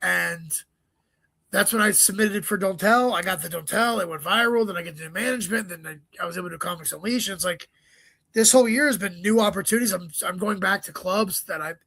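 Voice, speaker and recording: A man with a high, bright voice talks as a comedian guest in a casual interview, tossing off profane stories and asides. The sound is dry and close, with almost no room around him. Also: creaky, dry recording. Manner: profane, rapid storytelling with joking asides.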